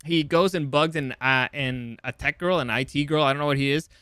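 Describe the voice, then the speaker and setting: A young adult man casually recapping a TV episode as a show host, chatty and loose, swearing and paraphrasing characters in quick asides. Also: a little high, sharp tone, smooth, no echo.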